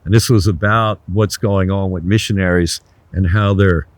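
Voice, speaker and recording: An older man, a resort founder, telling blunt, animated anecdotes in a casual interview, swearing freely. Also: sits low, normal speed, dry recording.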